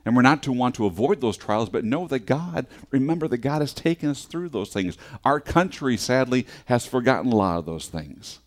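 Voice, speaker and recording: A man's voice: mid-range voice, animated, moderate pace, few pauses. A middle-aged man preaching a sermon in an earnest, conversational way, often repeating words as he restarts.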